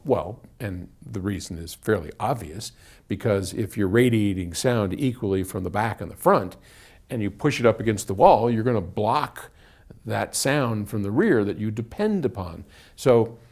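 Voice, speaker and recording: A man's voice: on the low side, dark tone. Man chatting casually in an indoor room. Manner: conversational, with frequent restarts and repeated words. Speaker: audio company head answering viewer questions. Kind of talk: casual explanatory talk. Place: indoor room, moving toward and away from a wall. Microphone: single microphone in the room.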